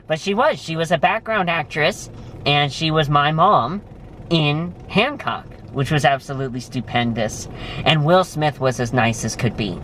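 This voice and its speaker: A young man in a restaurant, chatting casually and telling stories with lively excitement. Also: moderate pace, a little hiss or hum. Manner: animated storytelling, jumps high when excited. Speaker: vlogger. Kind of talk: casual chat. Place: restaurant, indoors.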